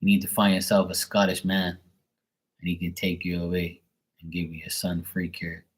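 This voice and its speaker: A man reading tarot on a live stream, chatting bluntly to a viewer, swearing freely and getting animated when worked up. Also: low voice, normal speed, slightly rough, low-quality recording. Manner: blunt, swears often, talks straight to a viewer. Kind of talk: casual live-stream chat.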